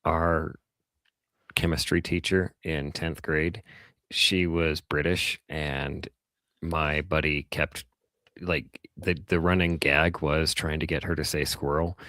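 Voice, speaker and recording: Low-voiced man telling stories animatedly. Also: slow pace, no room sound, studio quality. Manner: animated storyteller, swears freely. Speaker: podcast co-host. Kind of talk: casual banter among friends.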